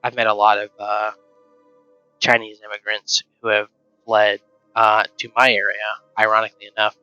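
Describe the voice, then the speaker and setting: A man's voice: on the low side, monotone, normal speed, pushed and bright, clear, resonant tone, dry recording, muffled recording, soft background music. Sarcastic rambling male streamer. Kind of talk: casual rant while streaming.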